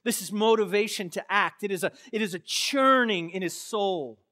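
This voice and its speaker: High-pitched impassioned preacher man. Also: normal speed. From Florida. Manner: impassioned, swings from quiet to loud; casual storytelling with fillers. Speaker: pastor. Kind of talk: sermon.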